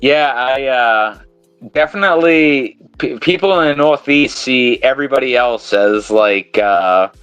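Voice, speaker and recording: A man's voice: mid-range voice, measured pace, fairly bright tone, clean tone, no room sound, highs cut off, soft background music. A man from New England with a New England accent, hosting a podcast in casual, rambling, profane chat. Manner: rambling, profane, laughs often. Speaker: podcast host.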